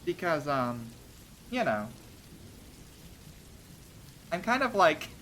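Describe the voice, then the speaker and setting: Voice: medium pitch, sing-song, slow pace, fairly bright tone, a little hiss or hum. A streamer telling short stories on a casual livestream, hesitant with many ums and restarts, laughing between thoughts.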